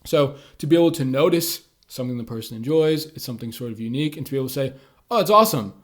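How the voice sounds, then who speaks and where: A man's voice: mid-range voice, very fast, darkish tone. A man giving casual advice on conversation skills, talking loosely with lots of filler words. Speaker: communication tips creator. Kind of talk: casual instructional talk to camera.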